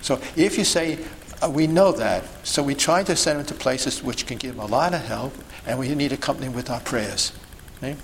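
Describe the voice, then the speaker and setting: A man's voice: mid-range voice, fairly quick, few pauses, a bit bright, slight background noise, rough recording. Emphatic man teaching a group. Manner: emphatic, peppered with rhetorical questions and checks like "okay?" and "see?". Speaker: sidewalk counselor teaching a group. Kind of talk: instructional talk to a group.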